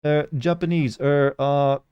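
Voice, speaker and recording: A man's voice: fairly high pitch, fairly even intonation, unhurried, warm tone, smooth, no room sound, dull audio. Jokey sarcastic male streamer. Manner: jokey and sarcastic, reads game dialogue aloud. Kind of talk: casual gameplay commentary.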